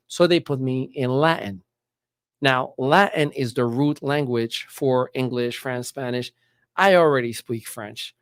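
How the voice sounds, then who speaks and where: A man from Morocco, telling school stories as a podcast guest in an animated way. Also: medium pitch, measured pace, smooth, no echo, clean studio sound. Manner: animated, acts out quoted voices. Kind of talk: casual storytelling.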